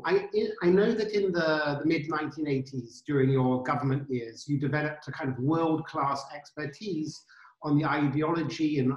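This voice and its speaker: A man's voice: on the high side, dull audio. A man hosting an interview over a video call, friendly, with a few stammered restarts. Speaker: interview host. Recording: roomy video call audio.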